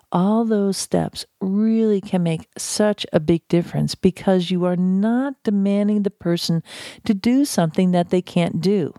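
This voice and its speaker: A woman with a lowish, mellow voice speaks about conflict in a calm, measured way. She pauses often, repeats phrases for emphasis and slips in a little self-deprecating humor. The sound is dry and close. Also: no room sound. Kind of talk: talk on civility.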